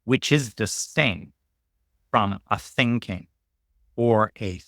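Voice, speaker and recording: Taking his time, this male podcast host hosts a reflective talk in a somewhat bright voice, recorded dry at studio quality. He's thoughtful and emphatic, lifting his pitch whenever he wants to stress a point.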